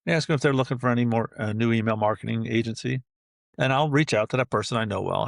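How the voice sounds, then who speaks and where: A man's voice: mid-range voice, fast talker, creaky, no echo, studio quality. A middle-aged man, a chatty guest on a podcast who tells stories and acts out the dialogue. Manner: chatty, animated storyteller acting out dialogue. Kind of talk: casual interview talk.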